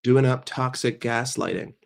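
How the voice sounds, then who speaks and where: A man's voice: mid-range voice, unhurried, gravelly. Sick male livestream host chatting. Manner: chatty, addresses the chat by name, repeats himself. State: sick and congested. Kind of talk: casual livestream chat.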